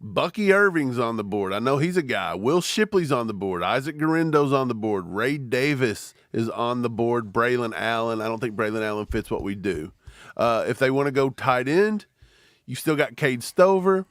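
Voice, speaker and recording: A man's voice: mid-range voice, normal speed, no echo, studio quality. A man co-hosting a live football draft reaction stream, talking casually and slipping into silly impressions. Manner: animated, mimics people in silly voices. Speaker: co-host.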